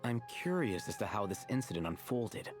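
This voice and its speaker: An actor voicing an aloof, dry-witted scholar in a game, measured and deadpan. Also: male voice, on the low side, music in the background. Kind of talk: game voice acting.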